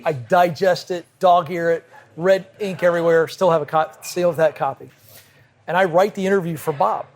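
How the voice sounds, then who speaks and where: A man, a podcast guest, telling a vivid personal anecdote in brisk conversational style at a cigar lounge. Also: fairly high pitch, fairly even intonation. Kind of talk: animated storytelling in conversation. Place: cigar lounge with a group present.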